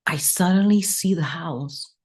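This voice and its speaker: A woman psychic medium telling a personal story in an interview, animated and acting out the dialogue. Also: fairly low pitch, measured pace, slightly rough. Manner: animated, acts out quoted dialogue. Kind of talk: emotional storytelling.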